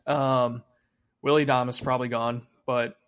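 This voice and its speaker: A man's voice: medium pitch, level tone, measured pace, a bit bright, clean tone. A man co-hosting a podcast, talking casually about sports, swearing freely and trailing off with fillers. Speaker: podcast co-host.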